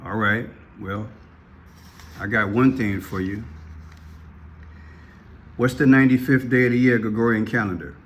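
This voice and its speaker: A man's voice: a little slow, pauses often, slight background noise. A man giving casual commentary to his viewers, repeating himself often and calling out to the audience. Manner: rises sharply in pitch when worked up. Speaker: online video commentator.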